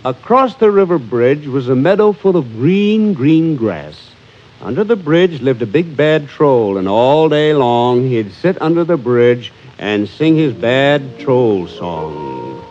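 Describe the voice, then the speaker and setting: A man telling a children's story in a slow, rhythmic, sing-song way. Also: medium pitch, big pitch swings. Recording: dull lo-fi recording with faint music.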